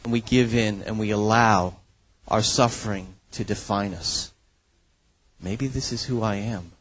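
Slow, earnest male preacher. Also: fairly low pitch, fairly bright tone, breathy edge, no room sound, low-quality recording. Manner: earnest, emphatic preaching with frequent "right?" asides. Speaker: pastor. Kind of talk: sermon.

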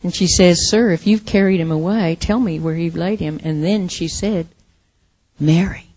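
A middle-aged woman preaching a sermon, expressive, with soft dramatic pauses. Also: on the low side, no room sound.

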